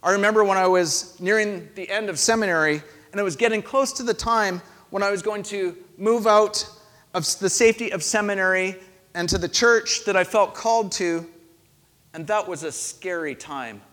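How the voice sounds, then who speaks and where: A man's voice: high voice, moderate pace, fairly bright tone. A male pastor giving a sermon in a conversational storytelling manner, asking his listeners questions. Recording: long hall reverb.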